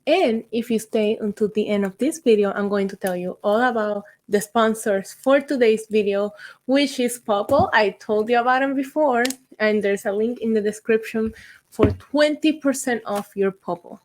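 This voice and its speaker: A woman's voice: fairly high pitch, moderate pace. Chatty young woman from Puerto Rico. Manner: chatty and excitable, with ums and asides. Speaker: YouTube host. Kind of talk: casual storytelling vlog.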